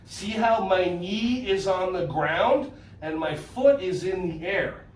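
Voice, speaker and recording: A man's voice: high-pitched, takes it slowly, reverberant, far from the mic, a little hiss or hum. A man from New Jersey with a New Jersey accent, leading a playful children's yoga class indoors and cheering the kids on. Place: indoor room.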